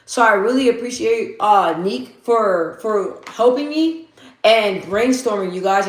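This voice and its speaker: A woman hosts a casual livestream, speaking candidly and rambling between her own thoughts and viewers' comments. She swears freely and keeps a mid-range pitch. Her voice carries a noticeable room echo. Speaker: livestream host.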